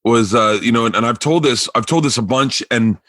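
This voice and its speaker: A man on a podcast telling a funny story in a casual, rambling way. He jumps into other people's voices and keeps restarting his sentences. His voice sits at a middle pitch, and the sound is dry and close to the mic. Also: fairly quick, dry recording. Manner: animated, frequent restarts and acted-out quotes. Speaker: comedian guest.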